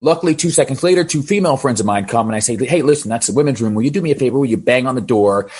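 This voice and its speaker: A man who works as a DJ, telling an animated story and asking for advice on a video call, with halting restarts. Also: mid-range voice, breathy edge. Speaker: DJ asking a question.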